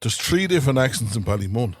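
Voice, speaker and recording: Man, podcast host, mid-pitched, joking storyteller, dry close sound. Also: lively intonation, fast, husky, dry recording. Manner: jokey storytelling, swears freely. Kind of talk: casual chat.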